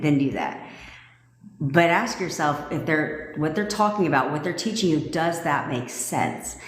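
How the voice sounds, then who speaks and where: A woman's voice: low voice, animated, unhurried, fairly bright tone. Blunt, profane woman ranting in echoey room. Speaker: manifestation coach. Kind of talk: livestream rant. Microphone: phone livestream. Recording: echoey room with long reverb.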